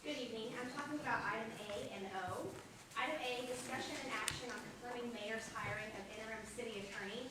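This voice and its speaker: A woman's voice: a little high, fairly even intonation, heavy background noise. Woman reading prepared comment, echoey hall. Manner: brisk, formal, cites statutes. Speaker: public commenter at a council meeting. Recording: echoey council chamber from far off.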